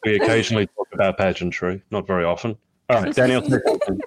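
A man hosting a casual podcast, relaxed and storytelling with many fillers. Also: fairly low pitch, racing, crowd noise. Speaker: podcast host.

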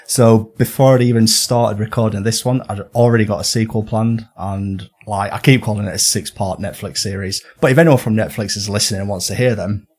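Low-voiced northern English guest. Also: male voice, fairly even intonation, fairly quick, few pauses, a little mellow, breathy edge. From northern England. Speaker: guest, documentary maker. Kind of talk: casual podcast chat.

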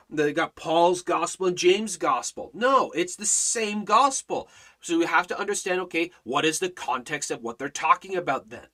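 A man's voice: high-pitched, bright, forceful tone. A man leading a livestreamed Bible study, preaching emphatically with repeated phrases and rhetorical questions, and reading scripture aloud in old-fashioned wording. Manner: reads scripture aloud in King James wording.

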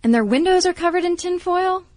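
A woman's voice: very high-pitched, expressive, fairly quick, darkish tone, no echo. Storytelling woman podcast co-host. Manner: chatty, storytelling, hesitant restarts. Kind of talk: casual conversational podcast.

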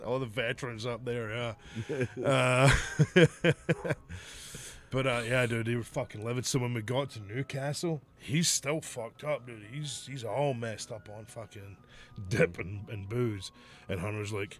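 A man's voice: medium pitch, a little slow, soft background music. A man casually telling a rowdy story on a podcast, swearing often and laughing as he talks. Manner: animated, profane, laughs through the story.

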